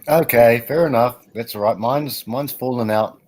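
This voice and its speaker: Measured and a little mellow, this medium-pitched voice belongs to a man in his 40s who's a livestream chat regular. He chats casually with the group, telling rambling stories amid protests and laughter.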